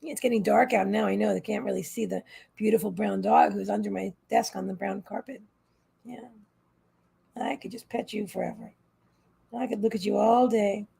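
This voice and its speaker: A woman's voice: medium pitch, fairly even intonation, normal speed, gravelly, pauses often, warm tone, breathy edge. A woman hosting a psychic live stream from her desk at home, chatting in a meandering way and often talking to her pets. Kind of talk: casual chat on a live stream.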